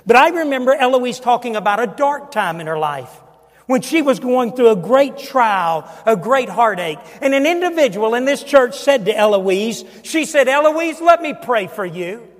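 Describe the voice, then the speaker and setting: An older male pastor with a high-pitched voice preaches a sermon. He swings between loud, booming emphasis and quiet, almost whispered asides. The sound rings with the long reverb of a large church hall. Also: expressive, moderate pace. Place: church sanctuary.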